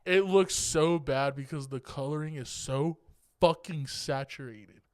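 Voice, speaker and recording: A young man co-hosting a podcast, chatting casually about films in an excitable, profane way and laughing often. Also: a little high, unhurried. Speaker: podcast co-host. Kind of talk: casual movie review chat.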